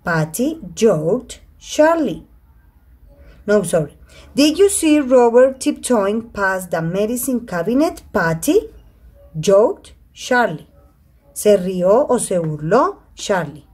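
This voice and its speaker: A woman's voice: mid-range voice, very animated, takes it slowly, a little mellow, husky. A woman teaching an online English grammar class in a Spanish accent, her first language being Spanish, reading example sentences aloud and switching into Spanish to explain. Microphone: computer mic in a video call.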